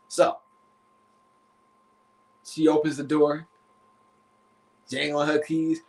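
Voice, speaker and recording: A man with a fairly high voice tells a story on a live stream. He is animated and swears freely as he talks. He acts out the voices of the people in his story. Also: normal speed, pauses often, low-quality recording. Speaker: therapist and relationship coach.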